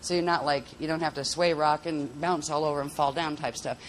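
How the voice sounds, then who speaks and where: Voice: mid-range voice, fairly even intonation, brisk, slight background noise. A workshop instructor giving a casual spoken lesson on vocal toning, talking in a rambling, chatty way with restarts, into a handheld mic.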